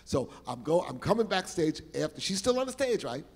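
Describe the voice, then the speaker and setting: An older man telling showbiz stories on stage, animated and exclamatory, repeating words for emphasis. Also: a little high, fairly quick, slightly rough, big-room sound. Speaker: guest performer telling stories. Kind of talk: animated storytelling interview. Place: stage in a large hall.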